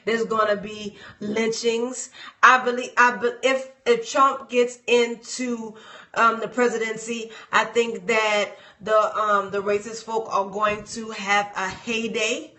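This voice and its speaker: A woman's voice: fairly high pitch, flat delivery, slow, roomy sound. A woman talking casually on a live stream, rambling and addressing her viewers. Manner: dramatic mock wailing, shouting and fake crying; loose, rambling, talks to viewers.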